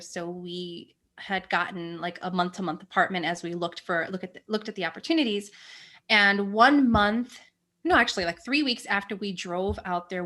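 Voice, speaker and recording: A young woman telling her birth story in a casual chat, animated and laughing often. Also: mid-range voice. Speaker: podcast guest sharing a birth story.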